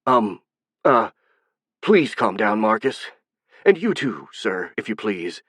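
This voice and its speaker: A worried young peacemaker, voiced by a male narrator, hesitant and placating. The tone is soft-spoken and recorded dry. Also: fairly low pitch, sing-song, slow pace, breathy edge, dry recording, exaggerated voice. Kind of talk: audiobook narration.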